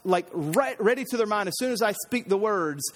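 High-voiced pastor in a reverberant hall. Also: male voice, fairly quick. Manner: animated storytelling, acts out voices. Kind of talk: sermon with personal story.

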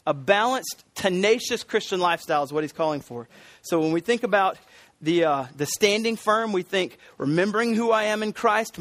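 A man's voice: high voice, a bit bright, no room sound. A middle-aged American man preaching a sermon as pastor, earnest, stressing and repeating key words, with frequent ums and restarts. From United States.

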